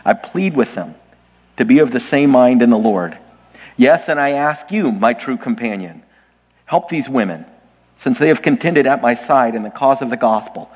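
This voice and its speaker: A pastor preaches to his congregation in a church sanctuary, keeping it conversational and lightly humorous while often addressing listeners directly. His voice is mid-range, followed by a long reverb tail.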